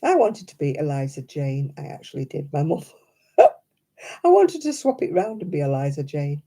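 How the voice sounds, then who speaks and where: A British woman chatting casually on her crafting livestream, mimicking people in high voices as she tells stories. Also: wildly swooping pitch, moderate pace, vocal fry, warm tone, breathy edge. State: struggling with hand pain. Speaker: livestream host.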